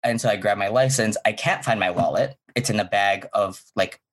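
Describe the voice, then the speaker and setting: A man telling a true story on a comedy podcast, animated and giggly, rambling with fillers and restarts. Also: lowish voice, fairly quick. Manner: animated and giggly, laughs mid-sentence. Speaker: podcast guest.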